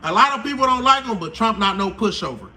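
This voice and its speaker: A man, hosting a casual live stream explainer, slangy and animated, acting out quotes. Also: high voice, quick pace.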